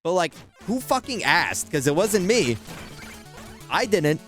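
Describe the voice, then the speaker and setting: Animated, swearing male game streamer. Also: sits high, slow pace, faint music behind. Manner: animated, swears freely, laughs often. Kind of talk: casual live-stream chat.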